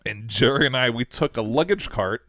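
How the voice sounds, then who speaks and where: A man's voice: mid-range voice, normal speed, heavy background noise. Laughing male podcast host telling a story. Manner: animated, laughs through his story. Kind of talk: casual storytelling chat.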